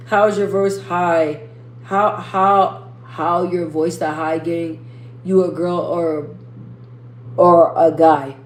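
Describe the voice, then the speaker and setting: A young woman hosting a casual livestream, reading viewer comments and rambling in slangy asides. She lifts her speaking voice above her natural lower register. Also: steady tone, slow pace, echoey room, a little hiss or hum. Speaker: livestream host.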